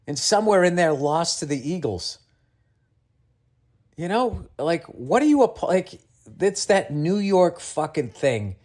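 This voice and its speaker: A man, hosting a podcast in a loud, exasperated comedic rant full of swearing. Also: a little high. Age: 50s. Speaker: podcast host. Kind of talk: comedic ranting monologue.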